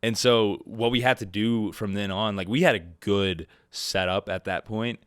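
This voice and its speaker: Laughing a lot, this male podcast host spins stories in relaxed chat and performs the voices of those he quotes. He speaks at a moderate pace in a lowish, clean voice, captured in studio quality with no room sound.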